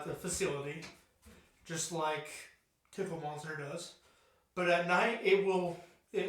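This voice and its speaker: Young man, podcast co-host, high voice, rambling casual chat, very echoey room, distant mic. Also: a bit bright.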